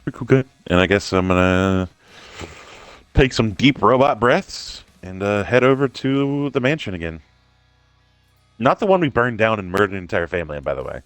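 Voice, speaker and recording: A man's voice: lowish voice, normal speed, smooth, no echo, faint music behind. A man playing in a tabletop game over a voice call, joking and cursing as he talks in character. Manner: animated, profane, jokey in-character quips. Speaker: player. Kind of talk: casual tabletop role-play chat.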